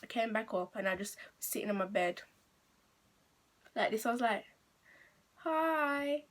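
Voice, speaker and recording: A woman's voice: mid-range voice, steady tone, normal speed. Teen English girl for casual vlog storytime; chatty, rambling, unpolished delivery. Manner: chatty, rambling, full of "like" and restarts. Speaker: vlogger.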